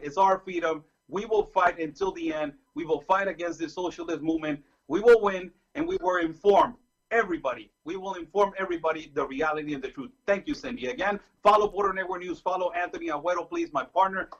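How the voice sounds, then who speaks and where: Guy calling in, passionate and gushing, kinda high voice, muffled lo-fi line. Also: quick pace, fairly bright tone. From Mexico. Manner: effusive, passionate, repeats himself. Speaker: guest correspondent. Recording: dull lo-fi call audio.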